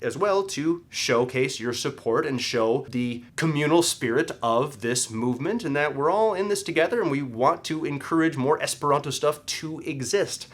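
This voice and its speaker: A young man teaching a casual language lesson, explaining word meanings in an animated way and stressing syllables for emphasis. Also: a little high.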